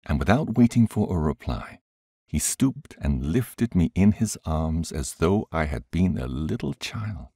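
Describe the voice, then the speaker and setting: A man reading an audiobook aloud in a measured, expressive way. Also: rumbling low, slightly rough, no echo, clean studio sound. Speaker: audiobook reader. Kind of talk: scripted audiobook narration.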